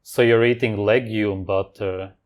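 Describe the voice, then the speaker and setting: A man's voice: fairly low pitch, steady tone, measured pace. Sarcastic man mocking a video. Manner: sarcastic, scornful. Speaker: reaction video host.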